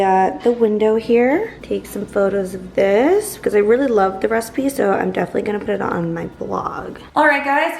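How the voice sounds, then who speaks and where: A woman hosting a casual cooking vlog at home, chatting through each step as she cooks in her kitchen. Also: on the high side. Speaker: vlog host. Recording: roomy kitchen with faint noise.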